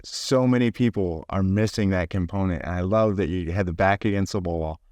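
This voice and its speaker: A man's voice: low voice, a little fast, darkish tone, dry recording. A man hosting an interview, responding with enthusiasm and praise. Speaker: interviewer host. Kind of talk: casual interview.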